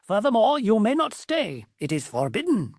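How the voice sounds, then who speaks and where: A woman's voice: mid-range voice, huge pitch swings, normal speed, a little mellow, dry recording, studio quality, voice pushed up. A woman voicing a stern, formal old male genie scolding his son in a storybook. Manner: formal, archaic, solemn.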